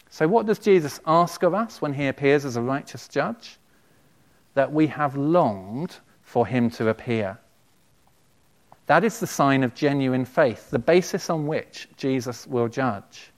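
A man, a pastor giving a sermon in a church, earnest and measured. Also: medium pitch. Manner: earnest, measured preaching with quotations read aloud.

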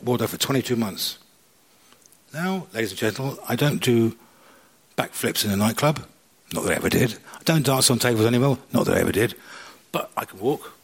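A man telling his own life story to an audience, animated and acting out the conversations he recalls. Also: mid-range voice, breathy edge. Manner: animated storyteller, acts out dialogue. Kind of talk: personal testimony to an audience.

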